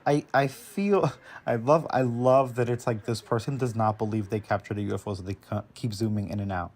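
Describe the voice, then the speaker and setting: A man's voice: fairly low pitch, steady tone, fairly quick, a little mellow. A man reacting to video footage in casual commentary, thinking aloud with hesitant restarts and some amusement.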